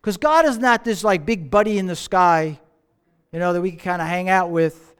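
Male pastor, high voice, smooth and clear, conversational sermon full of rhetorical questions and repeated phrases. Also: normal speed, fairly bright tone.

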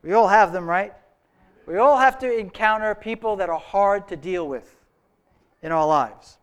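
Pastor, male, high and smooth voice; relaxed, unhurried sermon delivery with homespun storytelling. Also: lo-fi sound. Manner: relaxed storytelling with an old joke, speaking to a live congregation.

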